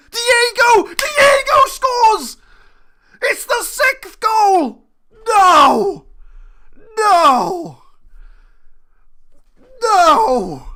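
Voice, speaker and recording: A woman giving live commentary over her football management game. Her voice is fairly high and bright. She paces her words slowly and thinks aloud, swinging from quiet muttering to excited shouts. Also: smooth. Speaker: gaming channel host.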